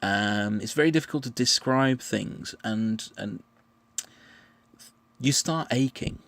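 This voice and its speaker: A man explaining his answers in a measured, patient monologue, often restarting his phrases. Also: mid-range voice, a bit bright. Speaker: vlogger answering questions.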